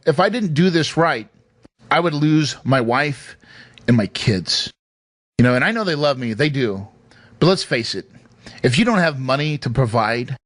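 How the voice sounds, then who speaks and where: A man's voice: fairly high pitch, fairly bright tone, dry recording. Emphatic, emotional male podcast host. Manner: emotional, emphatic, laughs often. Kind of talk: personal motivational storytelling. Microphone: studio microphone.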